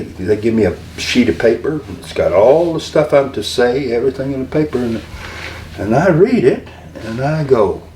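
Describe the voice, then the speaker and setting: An older man, a wrestling manager, telling stories in an interview, halting and rambling and acting out the voices of the people he quotes. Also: fairly low pitch, darkish tone. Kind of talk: storytelling interview. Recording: roomy room, mic a little far, faint noise.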